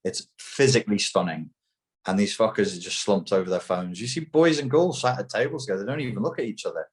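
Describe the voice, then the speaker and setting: A man's voice: fairly low pitch, quick pace. A man as an interview guest, talking emphatically and mockingly, with plenty of swearing. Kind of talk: heated opinionated talk.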